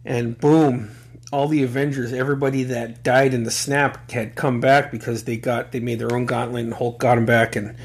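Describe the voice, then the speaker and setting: A man's voice: mid-range voice, normal speed, breathy edge. A middle-aged man hosting a podcast in casual chat, rambling with lots of fillers and cheerful swearing. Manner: excitable and profane, rambling with many fillers. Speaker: podcast host.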